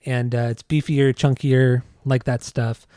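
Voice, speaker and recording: A man's voice: mid-range voice, flat delivery, unhurried, dark tone, no room sound, clean studio sound. A man co-hosting a casual music podcast, rambling through his thoughts with lots of fillers. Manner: rambling, filler-heavy, laughs easily. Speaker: podcast co-host.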